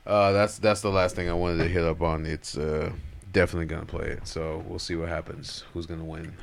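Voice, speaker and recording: Brisk and deep-voiced, this podcast co-host keeps a level tone with some vocal fry, and a slight hiss or hum sits under the recording. His casual chat with a friend is relaxed, jokey banter.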